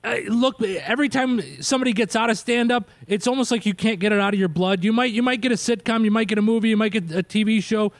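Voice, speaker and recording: A man in his thirties hosting a radio interview, chatty and quick to laugh. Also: sits high, dry recording. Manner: laughs often, loose and chatty. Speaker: radio host. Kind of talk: casual interview chat.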